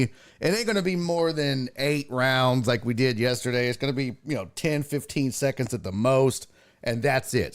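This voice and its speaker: A man hosts a casual sports talk stream in a slightly high voice. He chats loosely with his viewers as folks, blunt and slangy, with mild swearing mixed in. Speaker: sports talk show host.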